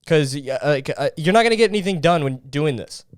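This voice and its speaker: A man's voice: on the high side, animated, brisk, smooth, no echo, clean studio sound. A young man hosting a solo podcast, ranting in an exasperated, profane way about other people's habits. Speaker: podcast host.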